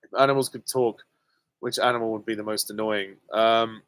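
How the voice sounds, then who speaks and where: A young British man hosting a live viewer Q and A, answering casually and candidly with many pauses and ums. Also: lowish voice, steady tone, a bit bright, clear, resonant tone. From Britain. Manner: hesitant, many ums, candid and self-deprecating. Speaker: channel host answering viewer questions.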